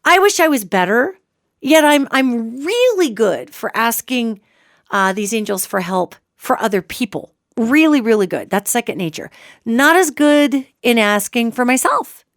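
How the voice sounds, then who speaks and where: A woman's voice: on the high side, animated, unhurried, no echo, clean studio sound. A middle-aged woman hosting a solo podcast, talking earnestly and chattily to her listeners. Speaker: psychic podcast host.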